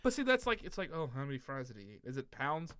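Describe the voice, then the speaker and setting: A man's voice: medium pitch, big pitch swings, fast talker, a bit bright, smooth, dry recording, studio quality. A man in casual podcast banter, ranting emphatically and swearing often.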